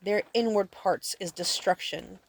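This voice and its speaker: A woman's voice: medium pitch, a little slow, creaky. A woman teaching her sons scripture at home, reading verses aloud and explaining them plainly, often checking whether they understand.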